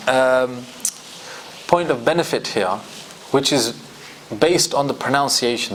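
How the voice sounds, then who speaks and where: Animated British man teaching Quran commentary. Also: medium pitch, slight background noise. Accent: British English. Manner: animated, reciting Arabic verses between English explanation. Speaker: Islamic studies teacher. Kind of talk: lively Quran commentary class.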